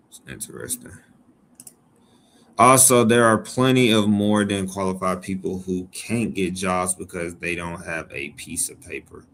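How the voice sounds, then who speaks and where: A man's voice: low voice, gravelly, a bit bright, slight background noise. A man from Georgia hosting a live stream, reading chat aloud and joking. He talks casually and playfully, repeating his phrases.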